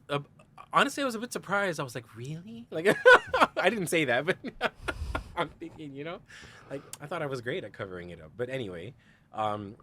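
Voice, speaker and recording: A man's voice: medium pitch, sharp tone, a little hiss or hum. A man, a podcast guest, telling a candid personal story with lots of "like" and "you know", acting out the lines of the people in it and laughing often. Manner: quotes others in dialogue, frequent "like" and "you know".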